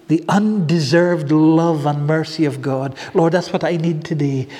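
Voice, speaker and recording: A man's voice: on the high side, moderate pace, hardly any pauses, mellow, long reverb tail. A man preaching a sermon in a church, earnest and repetitive, stacking phrase upon phrase. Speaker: pastor.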